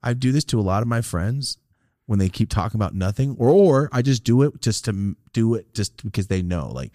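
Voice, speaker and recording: A man co-hosting a podcast tells stories with plenty of swearing and big swings of pitch. He often breaks into loud, high-pitched quoted outbursts. His voice sits in the middle of the range and comes through close and dry. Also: expressive, a little fast, no echo. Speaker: podcast co-host. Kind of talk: casual podcast chat.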